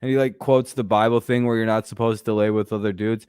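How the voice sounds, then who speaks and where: A man's voice: lowish voice, fairly even intonation, fast, few pauses, a little mellow, smooth, no echo, studio quality. A man hosting a casual sports talk stream, rambling and joking with plenty of profanity. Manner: frequent fillers and restarts. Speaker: host.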